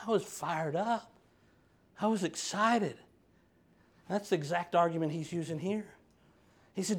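High-voiced preacher, animated. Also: male voice, unhurried, long pauses. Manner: animated, swings from quiet to loud fervor. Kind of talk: sermon.

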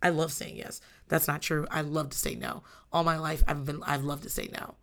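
A woman with a slightly low voice talks frankly about raising her kids. She swears freely and acts out little scenes, shifting into her kids' whiny voices and her own stern or thankful tones. Her delivery is animated and casual. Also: moderate pace. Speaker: parent. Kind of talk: casual talk to camera about parenting.

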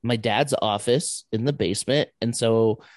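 A young man sharing awkward childhood stories in casual chat, halting and self-deprecating. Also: medium pitch, no room sound, studio quality.

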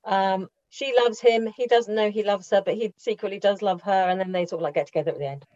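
A chatty woman gives her film review in relaxed talk and laughs easily. Her voice sits in a middle pitch. The recording is dry and a little dull, like a lo-fi studio line. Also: fast, no echo. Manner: chatty, laughs often, restarts. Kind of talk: casual radio review chat.

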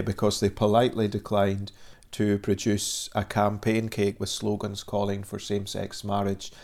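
A man in his forties from Scotland, with a Scottish accent tinged with Northern Irish, explaining the work of a Christian charity as a guest in steady, formal answers. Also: on the low side. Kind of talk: measured interview answers.

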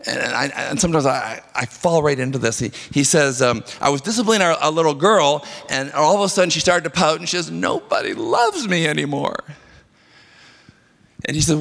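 Male pastor, sermon, earnest and conversational, somewhat high voice, church hall reverb. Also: lively intonation, brisk, vocal fry, a bit bright. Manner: earnest, conversational preaching with repeated words.

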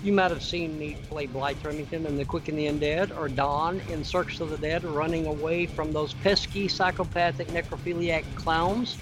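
A man's voice: a little high, fairly even intonation, moderate pace, few pauses. A man, an actor, reading a playful, punchy scripted promo for a podcast. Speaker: actor recording a show promo. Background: music.

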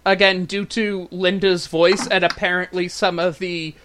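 Bright, high-voiced man explaining things. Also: level tone, a little slow. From New Jersey. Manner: explanatory, fills in background for listeners. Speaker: podcast co-host. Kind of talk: casual chat.

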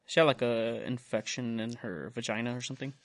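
A man's voice: medium pitch, brisk. Young male podcast host, casual and profane, rambles through a story while acting out what everyone said. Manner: rambling, profane, retells dialogue in quotes. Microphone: studio mic.

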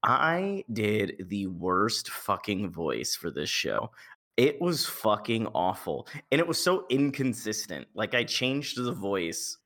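A man's voice: on the low side, very animated, takes it slowly, fairly bright tone. Rambling, self-deprecating man in a podcast chat. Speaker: cast member.

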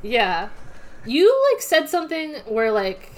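A woman co-hosting a podcast in casual chat, quick and playful, full of jokes and "like" fillers. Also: fairly high pitch, expressive. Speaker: podcast co-host.

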